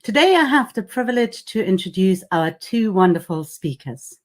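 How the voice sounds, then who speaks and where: A woman who is a rabbi chairs the session, formally introducing the panel speakers in a measured, read style. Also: mid-range voice, sing-song. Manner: measured and formal, reading bios.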